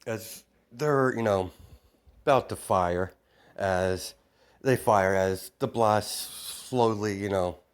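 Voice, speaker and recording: A man's voice: lowish voice, slow pace, smooth. A man casually retelling a fan-made story, rambling with many fillers and restarts. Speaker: narrator.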